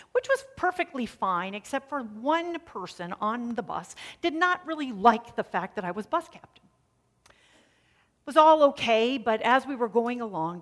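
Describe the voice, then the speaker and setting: A woman pastor preaching a sermon in a conversational storytelling way, dropping to a hush on key lines. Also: medium pitch.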